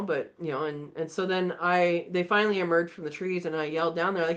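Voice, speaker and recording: A woman hosting a live chat, telling a story in a casual, animated way and acting out the voices. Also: fairly low pitch, brisk, hardly any pauses, muffled recording. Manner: animated, acts out voices in her stories. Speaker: channel host.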